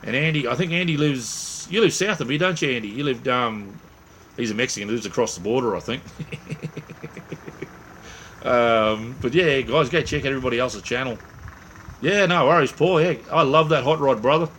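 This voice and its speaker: A fairly bright, medium-pitched male voice at normal speed, with a little hiss or hum in the recording. He's an Australian hosting a late-night stream, tired and laid-back, rambling to viewers with lots of fillers, slang, "mate," and "um."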